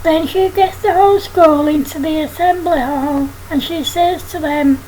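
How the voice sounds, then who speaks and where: A woman reads her own children's story aloud in a very high voice, slowly and steadily. A faint hiss sits under her voice. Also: rough recording. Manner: plain, steady reading.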